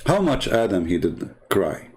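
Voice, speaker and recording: A man's voice: low voice, big pitch swings, unhurried. A male host who is not a native English speaker tells a story in a joking, rambling way, packed with "you know" fillers. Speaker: channel host.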